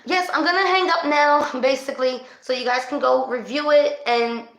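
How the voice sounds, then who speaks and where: A woman doing a casual livestream spirit session as a psychic reader, chatty and excitable, calling her viewers babes. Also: high voice, normal speed. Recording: echoey room.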